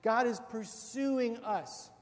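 A man preaching a sermon as the pastor, telling a personal story with animated, acted-out moments. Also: very high-pitched, slow. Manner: storytelling, animated, acts out voices in the anecdote. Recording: long hall reverb.

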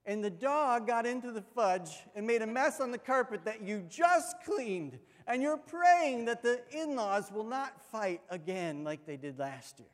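A man's voice: very high voice, a little slow, few pauses. A man preaching a sermon, telling a funny story and acting out the voices in it. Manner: animated, acts out voices in his stories. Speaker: pastor. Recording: long hall reverb.

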